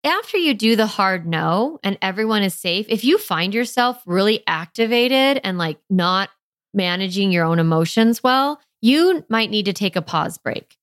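A middle-aged woman who hosts a parenting podcast, explaining in a calm, coaching tone and acting out short lines a parent would say. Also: mid-range voice, normal speed, dry recording, studio quality. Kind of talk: instructive podcast talk.

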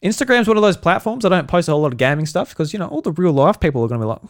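An Australian man hosting a casual podcast from home, chatting in a relaxed, rambling way with frequent chuckles. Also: high-pitched, racing. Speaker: podcast host.

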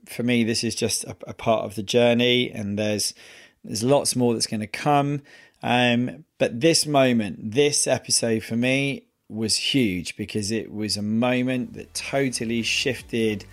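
A man hosting a podcast, telling a personal story in an earnest, halting way with many pauses and restarts. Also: medium pitch, steady tone. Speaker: podcast host.

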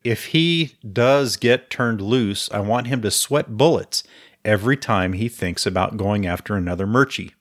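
Man reading stern lady starship captain, low flat voice, dry sound. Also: normal speed, no echo, close to an everyday voice. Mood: grim. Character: grim resolute woman starship captain.

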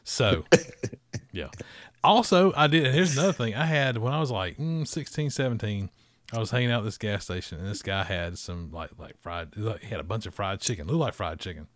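A man's voice: fairly low pitch, animated, brisk, no echo. A man, hosting a casual chat and telling stories with laughs and restarts. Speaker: podcast host.

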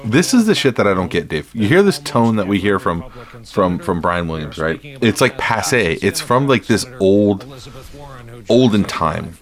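A man's voice: lowish voice, sing-song, normal speed. A man hosting a podcast in casual chat, talking in a profane, rambling, sardonic way. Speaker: podcast host.

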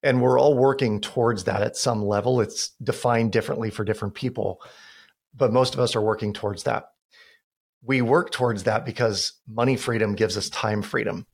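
A man's voice: on the low side, steady tone, normal speed, vocal fry, breathy edge. A man talking as a podcast guest and financial expert, telling stories earnestly in casual conversation. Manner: storytelling with quoted dialogue, earnest.

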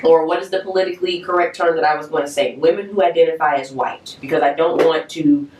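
A woman co-hosting a casual chat, blunt and animated, swearing freely. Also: deep voice, quick pace. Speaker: podcast co-host. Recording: roomy, mic at a distance.

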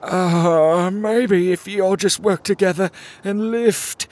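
A man's voice: sits high, takes it slowly, darkish tone, voice pushed up. A man voicing a trapped male crab who moans in pain in a storybook reading. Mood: moaning. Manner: moaning, pained.

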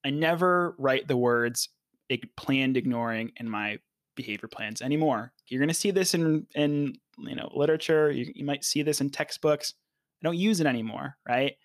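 A man's voice: a little high, normal speed, no room sound. A man co-hosting a podcast, explaining in a casual, conversational way and often checking in with "right?". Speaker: podcast co-host, behavior analyst.

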